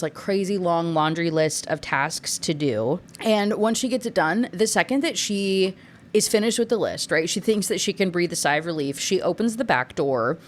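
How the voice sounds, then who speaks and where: Chatty woman recapping a book. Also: on the low side. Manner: chatty, sarcastic, acts out characters' lines. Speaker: book reviewer. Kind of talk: casual spoiler recap.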